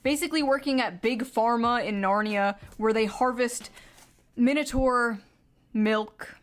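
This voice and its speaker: A woman book reviewer in a scripted comedic video, speaking in a sarcastic, deadpan way. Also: on the high side, measured pace.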